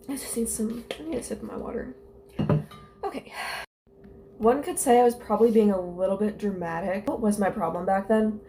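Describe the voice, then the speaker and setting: A woman's voice: mid-range voice, a little fast, warm tone, a little hiss or hum. A young woman telling stories and reading her old journal aloud in a casual vlog. She is candid and self-mocking, and her talk rambles with lots of "like" fillers. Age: young adult. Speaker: vlogger.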